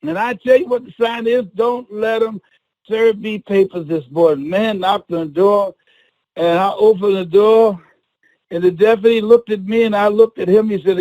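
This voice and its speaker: An older man giving a motivational speech as a story, with a preacher-like delivery that swings between hushed lines and shouts. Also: high-pitched, steady tone, moderate pace, rough recording. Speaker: motivational speaker.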